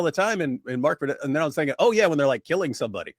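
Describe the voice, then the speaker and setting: A man's voice: a little high, lively intonation, quick pace, no room sound, studio quality. A man chatting casually on a livestream, telling rambling anecdotes with lots of filler words. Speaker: co-host.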